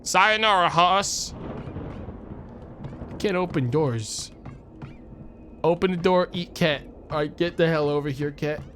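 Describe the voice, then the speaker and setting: A man streaming a video game, reading the game text aloud with deadpan, jokey asides. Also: a little high, normal speed, soft background music. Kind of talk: casual let's play commentary.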